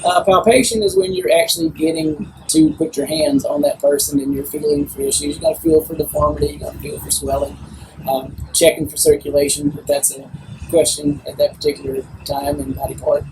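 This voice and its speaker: A middle-aged man works as an athletic trainer and walks through procedures in a practical, step-by-step way. His voice sits a little high, and clear background noise runs under the interview. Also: steady tone, fairly quick. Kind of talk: explanatory interview. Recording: noisy interview audio.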